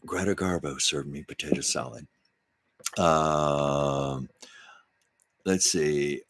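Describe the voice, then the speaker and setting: A man's voice: a bass voice, a bit bright. A man hosting a livestream from home, telling rambling, chatty stories and often correcting himself. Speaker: livestream host. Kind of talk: casual storytelling chat.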